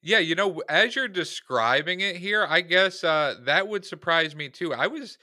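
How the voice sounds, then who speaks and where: Male podcast co-host, bright tone, easygoing and halting, dry close mic. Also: high-pitched, no room sound. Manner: relaxed, hesitant, full of fillers. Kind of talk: casual movie review chat.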